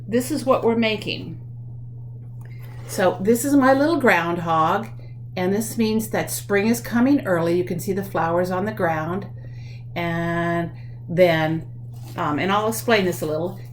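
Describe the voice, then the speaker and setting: A woman leading a children's craft lesson from home, explaining things slowly and warmly for kids, with many pauses and ums. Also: fairly low pitch, a little hiss or hum.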